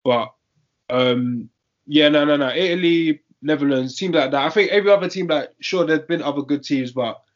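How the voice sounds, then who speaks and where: A man's voice: fairly high pitch, moderate pace. A young man, chatting casually about football in a slangy, emphatic way and repeating his points. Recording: dull lo-fi audio.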